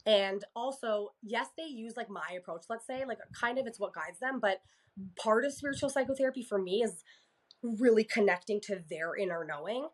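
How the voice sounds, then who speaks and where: A woman's voice: on the high side, expressive, normal speed. A woman from Canada, a therapist and podcast guest, talking candidly in casual conversation, swearing freely and acting out exchanges with her clients.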